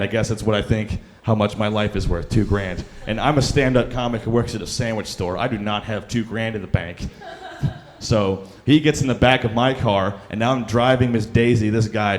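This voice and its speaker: Speaking a little fast in a fairly low voice, this young man delivers a rambling stand-up routine into a club mic. He pokes fun at himself and leans heavily on filler words.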